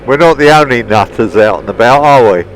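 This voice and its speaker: A man's voice: medium pitch, expressive, a little fast, rough recording. A middle-aged man chatting cheerfully on a motorbike ride, commenting as he goes, recorded outdoors on a helmet mic. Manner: chatty, cheerful, talking while riding. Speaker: motorbike vlogger. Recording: wind noise on the mic.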